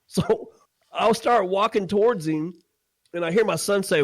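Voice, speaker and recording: A man co-hosting a podcast, telling a crude story in a casual, animated way and laughing often. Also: high-pitched, measured pace, no room sound. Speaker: podcast co-host.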